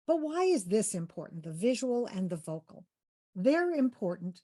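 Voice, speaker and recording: A woman's voice: a little high, warm tone. A woman coaching interview skills in a workshop, upbeat and encouraging, asking participants questions and demonstrating voice tones.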